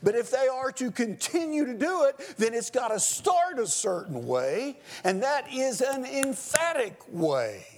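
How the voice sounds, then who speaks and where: A man preaching a sermon in a slow, deliberate teaching cadence. His voice sits high and swoops widely in pitch as he stresses key words. He explains step by step and sometimes raises his voice for emphasis. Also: sing-song. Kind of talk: expository sermon.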